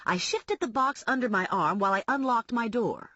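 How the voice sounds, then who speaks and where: Wry first-person audiobook narrator, woman, husky and lively in pitch. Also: moderate pace, dry recording, highs cut off.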